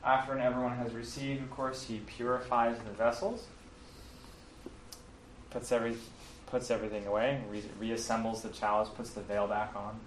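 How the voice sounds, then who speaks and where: In a casual explanatory talk, a teacher takes listeners through the Mass, relying on fillers and correcting himself. His medium-pitched voice is flat in delivery and moderate in pace. The audio is roomy and distant, with faint ambience plus a little hiss or hum.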